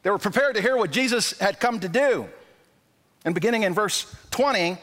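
High-voiced male pastor preaching. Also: long reverb tail. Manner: animated, acts out quoted dialogue, stumbles and repeats words. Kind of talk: sermon. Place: church sanctuary.

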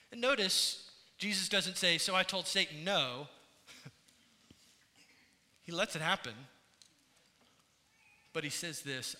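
High, bright-voiced man preaching in a hall. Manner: earnest preaching, swinging from hushed to emphatic. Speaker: pastor. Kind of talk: sermon. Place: church sanctuary. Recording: reverberant hall sound.

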